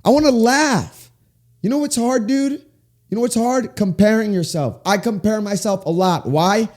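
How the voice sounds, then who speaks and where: A man in his twenties hosting a faith-based solo podcast, talking with big swings up and down in pitch, in a small room with sound panels. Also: a little slow, a little mellow. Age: 20s. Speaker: podcast host.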